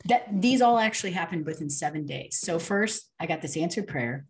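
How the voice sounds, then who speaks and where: Low-voiced woman telling a lively story. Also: moderate pace. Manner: animated, with fillers and reenacted dialogue. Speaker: podcast guest. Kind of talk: casual storytelling testimony.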